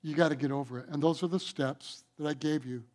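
A man preaching a sermon as pastor, emphatic, swinging between loud declarations and quiet asides. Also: a little high, steady tone, quick pace.

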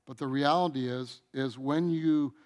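This middle-aged preacher keeps a measured pace through his sermon, stretching phrases long and moving back and forth between thunderous emphasis and quiet asides.

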